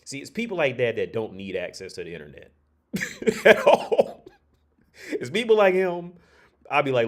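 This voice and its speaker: A man's voice: medium pitch, sing-song, moderate pace, long pauses. A man streaming a casual rant, blunt and profane, rambling with frequent restarts.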